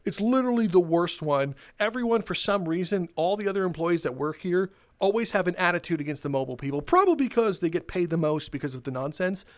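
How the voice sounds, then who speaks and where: A man's voice: high-pitched, animated, quick pace, few pauses. A young man telling a sarcastic, exasperated, swear-filled comedic rant as he walks around. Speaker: comedic storyteller. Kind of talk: profane comedic rant, walking tour.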